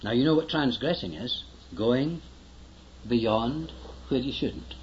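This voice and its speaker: A man's voice: mid-range voice, animated, takes it slowly, dull audio. An older man preaching a sermon in an earnest, emphatic way, often urging his listeners to listen closely.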